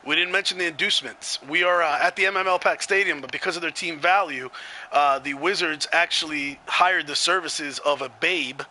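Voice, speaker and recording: A man's voice: on the high side, moderate pace, bright, forceful tone, slight background noise, rough recording. A man commentating a video game match in a chatty way, laughing easily.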